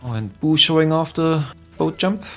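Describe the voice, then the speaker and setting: Casual male stream commentator, slightly high voice, faint game music behind. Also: normal speed. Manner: relaxed, chatty, greets chat. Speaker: tournament commentator.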